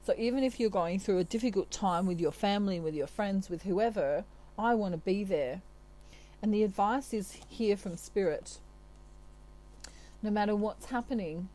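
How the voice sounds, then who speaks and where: A woman's voice: mid-range voice, warm tone, rough recording. A woman from Australia giving a channelled tarot reading in a chatty, reassuring way, with many asides. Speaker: tarot reader.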